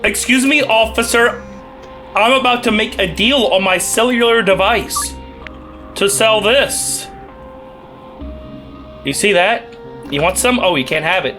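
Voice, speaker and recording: A man's voice: high-pitched, unhurried, long pauses, sharp tone, soft background music. A young man casually commenting while he plays a video game, rambling and joking with playful asides. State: recovering from a cough. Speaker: gaming channel host. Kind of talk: casual let's play commentary.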